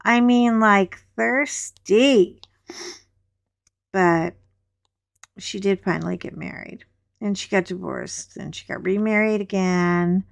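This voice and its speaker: Middle-aged female host, casual coloring chat; unhurried delivery, blunt and gossipy, dry room. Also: medium pitch, gravelly, no echo. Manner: gossipy, frank storytelling.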